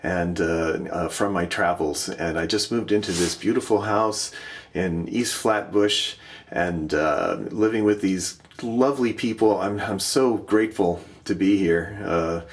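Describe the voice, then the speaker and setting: A middle-aged vlogger with a low voice walks from room to room inside his house, giving a casual tour of his art. He describes the pieces warmly and fondly, with many pauses and fillers, his voice dropping softly as each thought trails off.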